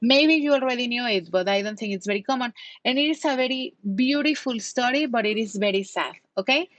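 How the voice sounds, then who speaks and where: A patient woman leads an online English lesson, explaining words and asking her students questions. Her voice is fairly high. The sound is dry and close to the microphone. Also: fairly quick, fairly bright tone, dry recording. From Mexico. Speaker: English teacher.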